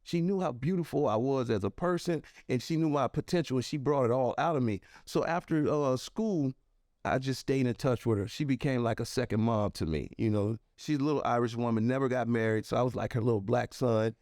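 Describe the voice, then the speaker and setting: A man telling a personal story as a podcast guest, animated and conversational, with plenty of "you know" and "right", close on a podcast microphone. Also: fairly quick, dry recording. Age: adult. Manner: animated, acts out quoted voices with sharp pitch jumps.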